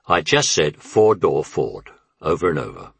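A man voicing a sweet, gracious actress within a memoir reading, soft and low. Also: very animated, unhurried, gravelly, breathy edge, no echo, far from the mic, heavily acted. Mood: gentle. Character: gentle gracious older actress, female.

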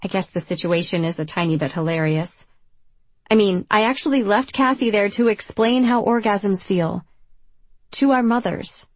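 A young woman narrating a first-person audiobook in a wry, confessional, self-deprecating way, with a husky voice. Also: medium pitch, moderate pace, dry recording.

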